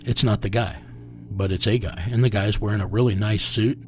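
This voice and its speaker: A middle-aged man being interviewed, telling a rough story in a blunt, profane way and chuckling as he goes. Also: on the low side, steady tone, fairly quick, a little mellow, soft background music. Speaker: interviewee recounting a rescue case.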